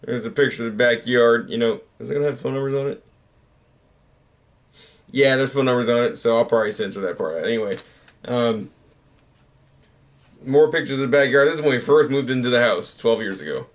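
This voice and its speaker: A man's voice: medium pitch, a little fast, long pauses. A man in his thirties, a YouTuber, chatting casually late at night in a rambling, self-mocking way that often trails off.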